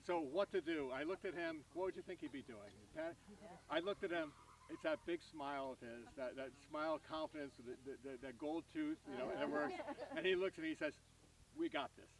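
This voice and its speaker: A man giving a tribute at an outdoor gathering, telling a lively anecdote and acting out the people in it. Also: a little high, a little fast, a crowd in the background. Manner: animated anecdote, acting out voices. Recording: voice from far off the mic.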